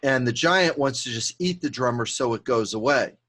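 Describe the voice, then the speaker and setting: A man's voice: medium pitch, moderate pace. Man telling a fable on a podcast. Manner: animated storyteller, chuckles at his own tale. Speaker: podcast host. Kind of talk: storytelling, conversational.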